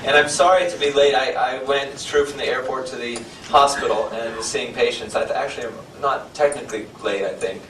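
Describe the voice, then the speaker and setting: A guest speaker gives an informal, self-deprecating lecture in a lecture hall, full of fillers and restarts. His medium-pitched, fairly bright voice stays steady, brisk, with few pauses. The noisy recording is distant and echoey.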